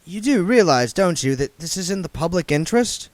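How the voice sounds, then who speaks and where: A man voicing an earnest, polite young reporter who talks briskly. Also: high voice, big pitch swings, no room sound, pitched above the performer's own voice.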